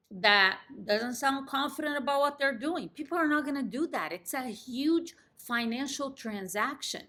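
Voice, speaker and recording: A woman coaching real estate agents in an emphatic, confident talk that drops in pitch at the end of each sentence. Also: sharp tone. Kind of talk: instructional talk to camera.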